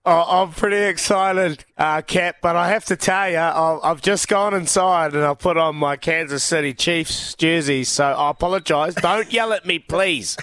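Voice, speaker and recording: A man's voice: fairly high pitch, fairly even intonation, moderate pace, hardly any pauses, a bit bright, dry recording. A man hosting a radio show, playful and teasing in casual banter. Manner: playful, teasing, laughs easily.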